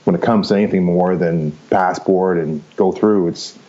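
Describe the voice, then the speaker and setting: A man's voice: low-pitched, fairly even intonation, normal speed, warm tone, highs cut off. A man in his fifties, a podcast guest telling his story casually and rambling, often checking in with "right?" and "you know.". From Canada. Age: 50s. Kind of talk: casual first-person storytelling.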